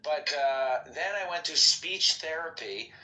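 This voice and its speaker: A man in casual chat who talks slowly and deliberately, with a slight lisp. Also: fairly high pitch, bright, forceful tone, recorded from a distance. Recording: echoey room with faint noise.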